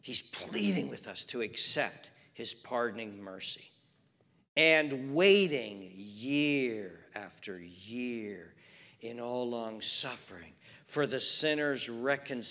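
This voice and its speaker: A male pastor preaching a sermon. He reads scripture and builds emphatically from quiet to fervent. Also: medium pitch, lively intonation, slow pace, creaky, in a large hall.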